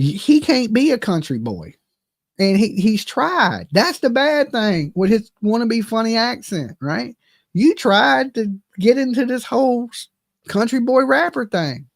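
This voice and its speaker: In a high, creaky voice that is very animated and a little slow, a Southern US channel host rants heatedly in reaction commentary. He repeats himself and keeps saying "okay?", and the recording is dry and studio quality.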